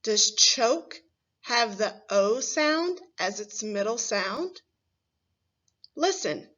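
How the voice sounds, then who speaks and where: A woman teaching a first grade phonics lesson, sounding out words slowly and clearly and asking the children questions. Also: a little high, lively intonation, a bit bright, dull audio.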